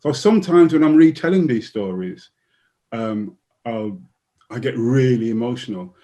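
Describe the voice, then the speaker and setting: An older man from the United Kingdom, a guest author telling personal stories in conversation, lively and acting out voices. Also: mid-range voice, moderate pace. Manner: animated storyteller who acts out quoted voices and laughs often. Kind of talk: storytelling in a conversation.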